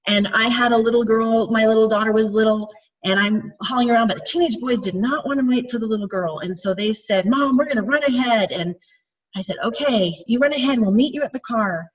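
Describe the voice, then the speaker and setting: A breathy woman in her forties with a slightly high voice tells rambling personal stories, self-deprecating and chatty. She sounds set back from the mic on a dull, lo-fi recording. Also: fairly quick, recorded from a distance. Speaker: mother sharing with a group. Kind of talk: casual personal storytelling.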